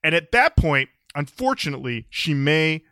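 Man, podcast co-host, playful mock sales pitch, bright tone, dry close mic. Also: sing-song, normal speed, no echo. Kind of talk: comedic podcast banter.

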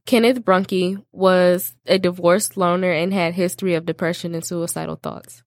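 A laid-back young woman with a Michigan accent talks through stories and reads case notes at an easy pace. Her voice is lowish for a woman, recorded close and dry. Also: flat delivery, moderate pace, no room sound. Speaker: podcast host and case narrator. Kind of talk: casual chat and reading a crime case.

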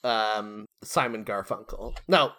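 A man's voice: fairly low pitch, slow pace, pushed and bright, slight background noise. A man co-hosting a comedy podcast, riffing casually and laughing, thinking aloud with fillers. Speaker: podcast co-host.

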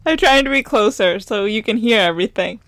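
A woman's voice: medium pitch, fairly quick, fairly bright tone, no echo. A woman co-hosting a podcast, chatting casually with laid-back, playful banter. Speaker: podcast co-host.

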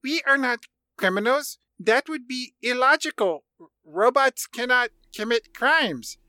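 A man voicing a flat, literal-minded male robot in a comedy podcast retelling. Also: very high voice, unhurried, no echo, studio quality, voice pushed up, exaggerated voice. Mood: insistent. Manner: stiff, literal robot speech.

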